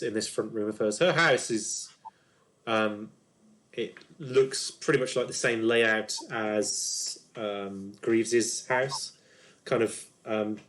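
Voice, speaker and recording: A man's voice: fairly low pitch, a bit bright. A man narrating as game master of a tabletop role-playing game, in a loose, hesitant way with many fillers.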